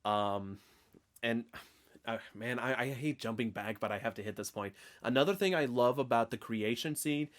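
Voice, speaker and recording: A man's voice: mid-range voice, normal speed. A man with an Oklahoman accent co-hosting a casual podcast, rambling with lots of fillers and restarts. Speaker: podcast co-host. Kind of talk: casual chat.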